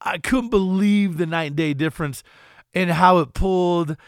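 Middle-aged male podcast co-host, high voice, dry close sound, energetic folksy delivery. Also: normal speed, clean tone, no echo. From Colorado. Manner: energetic, folksy, lots of "man" and "you know". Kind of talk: casual car podcast chat.

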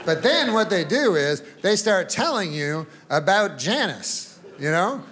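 High-voiced guy doing stand-up, rambly and sweary, noisy room. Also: very animated, a little slow. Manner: rambling, offhand, profane, with chuckles. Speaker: stand-up comedian. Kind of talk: stand-up comedy routine.

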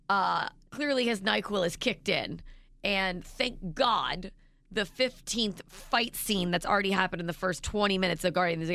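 A woman's voice: a bit bright, no echo. A woman in her thirties co-hosting a radio show, telling a story with dramatic, acted-out quotes. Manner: dramatic, acts out quotes with big pitch jumps.

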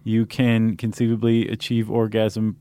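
A man's voice: on the low side, completely flat delivery, measured pace, mellow, clean tone, dry recording. Man co-hosting a loose chatty podcast. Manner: loose, joking, many fillers and restarts. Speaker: podcast co-host. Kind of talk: casual chat.

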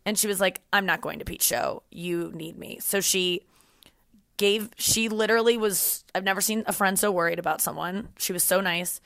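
Animated woman telling a story. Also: medium pitch, normal speed, gravelly, no echo, studio quality. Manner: animated, acts out quoted voices. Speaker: podcast host. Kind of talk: casual storytelling.

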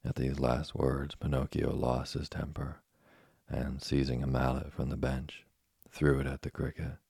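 A man with a husky, gravelly voice giving measured, scripted narration of a storybook. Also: a bass voice, level tone, darkish tone, dry recording, clean studio sound. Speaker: audiobook narrator.

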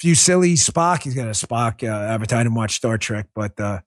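A man's voice: mid-range voice, expressive, moderate pace. A man hosting a livestreamed political commentary show, talking in a combative, sarcastic rant. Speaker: political talk show host.

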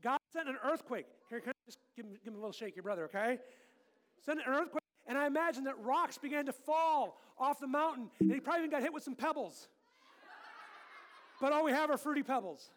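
Man, very high voice, animated children's pastor leading a playful sermon with kid volunteers. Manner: animated, playful, swings between loud and hushed.

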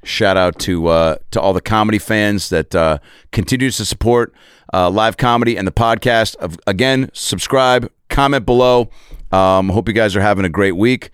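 A man's voice: lowish voice, moderate pace, smooth, no echo, clean studio sound. A male comedian hosting a podcast, telling a story and acting out the voices in it. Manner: animated, acts out voices in stories.

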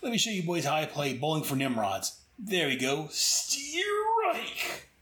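A man's voice: a little high, wildly swooping pitch, unhurried, fairly bright tone, heavily acted. A man voicing a swaggering male soldier hero in an echoey room. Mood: cocky. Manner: swaggering and boastful.

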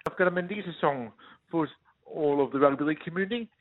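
A man's voice: a little high, fast talker. A man from Victoria, calling a radio show to give a solemn, formal tribute. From Victoria, Australia. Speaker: caller. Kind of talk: earnest call-in tribute. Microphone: telephone. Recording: tinny phone line.

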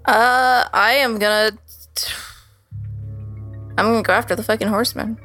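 A woman playing a tabletop role-playing game, excitable and giggly, swearing as she describes her attacks. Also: fairly high pitch, moderate pace, faint music behind. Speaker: player. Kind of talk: casual tabletop play.

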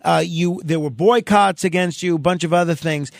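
Male host, raised pitch, measured questions, dry close sound. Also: vocal fry, no room sound. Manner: measured, sets up long questions. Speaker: interview host. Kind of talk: interview questions.

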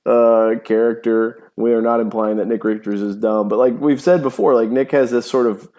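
A man co-hosting a sports podcast, talking in a rambling, animated way with many restarts and fillers. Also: mid-range voice, normal speed. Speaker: podcast co-host. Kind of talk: casual sports chat.

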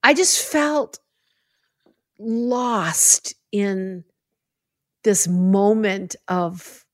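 Chatty, animated middle-aged woman host. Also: mid-range voice, drawn-out words, pauses often, no echo, clean studio sound. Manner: chatty, animated, giving heartfelt advice. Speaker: podcast host. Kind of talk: casual chat.

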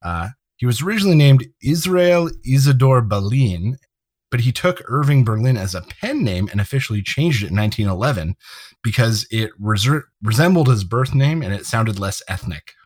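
A man's voice: mid-range voice, big pitch swings, moderate pace, no echo. A man co-hosting a casual chat, recapping an episode and sharing trivia, often laughing as he talks. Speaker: podcast co-host.

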